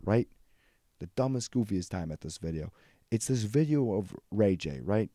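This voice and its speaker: A man's voice: fairly low pitch, lively intonation, moderate pace, dark tone, no room sound, clean studio sound. A young adult man hosting a casual solo podcast, rambling loosely and swearing freely. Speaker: podcast host.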